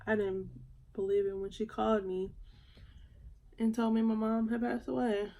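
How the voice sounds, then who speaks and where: A woman, chatting casually while doing her makeup for a vlog, soft-spoken and halting as she talks through grief. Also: mid-range voice, level tone, lo-fi sound. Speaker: beauty vlogger. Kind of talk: casual get-ready-with-me chat.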